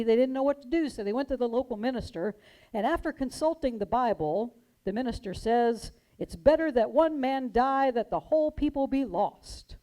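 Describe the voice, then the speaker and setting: A woman minister giving a sermon, telling stories in a gentle, measured way and dramatizing the quotes. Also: a little high, poor audio. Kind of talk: sermon storytelling.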